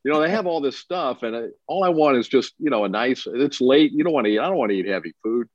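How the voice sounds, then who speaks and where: A man's voice: mid-range voice, lively intonation, quick pace, no echo, dull audio. A man who works as a basketball broadcaster, talking casually about players and road trips and often repeating words as he starts a thought. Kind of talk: casual sports radio chat.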